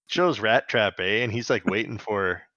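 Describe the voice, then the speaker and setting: A man's voice: fairly low pitch, moderate pace, sharp tone, no echo, lo-fi sound. A man co-hosting a casual podcast, recapping a cartoon episode with jokes and a put-on Canadian voice. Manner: jokey, slips into a put-on Canadian voice with "eh". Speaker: podcast co-host.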